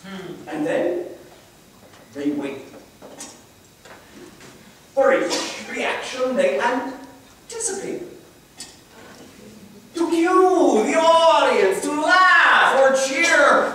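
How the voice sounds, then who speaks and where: A vain, pompous young dandy, played by a man on stage, swoops through rhyming verse in a high, wildly swinging voice, now and then breaking into song. He takes his time over every line. The sound comes from far off in a very echoey hall. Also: fairly bright tone, a little hiss or hum, heavily acted. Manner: flamboyant rhyming declamation with sung snatches. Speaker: stage actor. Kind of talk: live theatrical verse monologue. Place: university hall with a live audience.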